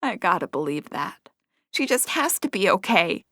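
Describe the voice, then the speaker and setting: A woman's voice: mid-range voice, big pitch swings, moderate pace, pushed and bright, no room sound, clean studio sound, exaggerated voice. A woman voicing an emotional small female black cat in an audiobook, given to dramatic sobbing and wailing. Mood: worried.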